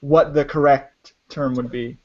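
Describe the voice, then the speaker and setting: A man's voice: medium pitch, fairly even intonation, measured pace. A man narrating as game master of a tabletop game, talking hesitantly with many restarts. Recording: dull lo-fi audio.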